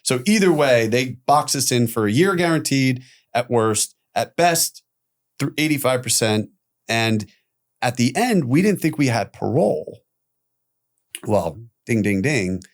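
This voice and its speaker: A man guest on a podcast telling his own story candidly, animated, acting out quoted voices and swearing casually. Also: mid-range voice, a little slow.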